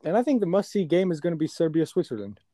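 A man's voice: on the high side, sing-song, quick pace, warm tone, no room sound. A young man co-hosting a casual sports podcast, joking and playful, laughing often. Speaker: podcast co-host.

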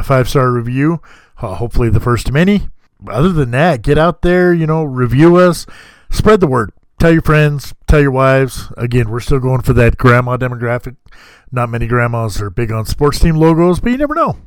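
A man's voice: medium pitch, normal speed, no room sound. A man hosting a casual podcast, laid-back and joking, swearing freely as he talks. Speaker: podcast host. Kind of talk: casual chat.

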